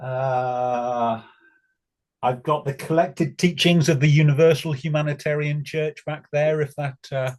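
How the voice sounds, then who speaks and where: A man's voice: on the high side, fairly even intonation, unhurried. A man on a video call in a casual quiz chat, asking and answering trivia with a dry, wry humor. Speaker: quiz co-host.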